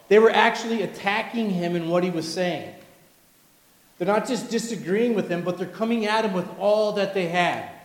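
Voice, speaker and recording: A man preaching a sermon with animated delivery, acting out the voices of people he quotes. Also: high-pitched. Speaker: pastor. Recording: echoey hall with long reverb.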